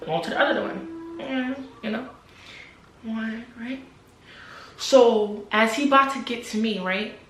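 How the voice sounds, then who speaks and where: A young adult woman talks straight to camera in a loose, animated vlog style. She repeats herself for emphasis and at times drops almost to a whisper. Her slightly high voice rings in a reverberant room with a faint hiss behind it. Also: measured pace, pauses often. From New Jersey, USA. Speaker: vlogger. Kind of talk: casual storytelling to camera.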